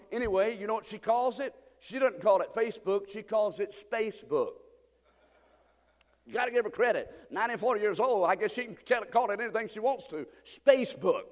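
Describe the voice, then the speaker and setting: High-voiced preacher in a reverberant hall. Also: male voice. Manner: preaching, rising to fervent shouts. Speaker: pastor. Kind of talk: sermon.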